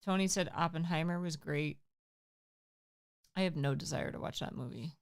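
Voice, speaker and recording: A woman's voice: deep voice, moderate pace, gravelly. A young woman co-hosting a livestream, making dry offhand remarks and reading out viewer comments. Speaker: livestream co-host reading chat. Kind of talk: casual chat. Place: home livestream room.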